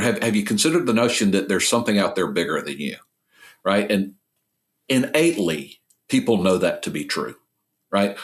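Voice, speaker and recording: Guy with a really deep voice telling stories on a podcast, earnest. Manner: earnest, illustrative storytelling. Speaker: podcast guest, recovery ministry founder. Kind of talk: conversational interview.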